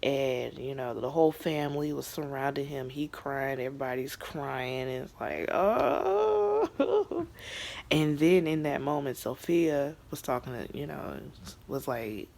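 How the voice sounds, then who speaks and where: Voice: medium pitch, fairly even intonation, moderate pace, vocal fry, darkish tone. A young adult recapping a TV episode in a casual vlog, talking in a chatty, emotional way with lots of fillers and some whispered asides. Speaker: TV show reviewer.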